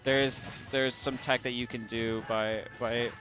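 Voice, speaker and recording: A man's voice: medium pitch, level tone, slow, over music. A young man commentating an esports match in a laid-back, jokey way, explaining plays casually. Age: young adult.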